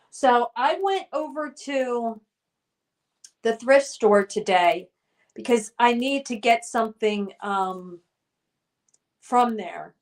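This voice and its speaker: Chatty higher-pitched woman streamer. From United States. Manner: chatty, reads chat names then responds. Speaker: streamer hosting a trivia game. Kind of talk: casual livestream chat reading viewer comments aloud.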